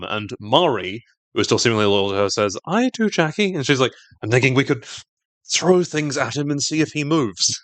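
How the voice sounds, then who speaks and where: A man's voice: mid-range voice, a bit bright, no room sound. A man co-hosting a podcast, recapping a TV episode in casual chat and acting out quotes in silly voices.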